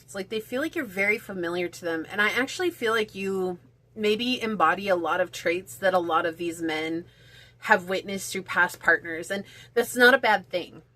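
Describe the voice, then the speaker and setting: A woman's voice: medium pitch, sharp tone. A woman giving a casual pick-a-card tarot reading, chatty and rambling, with lots of "like" in her talk. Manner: chatty, rambling, heavy use of "like". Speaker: tarot reader.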